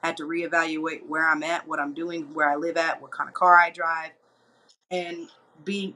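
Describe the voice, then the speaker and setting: A woman in her thirties hosting a show, talking candidly and chattily to viewers, slipping into lively quoted asides. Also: lowish voice, a little hiss or hum, low-quality recording. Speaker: host. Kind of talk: candid personal talk to viewers.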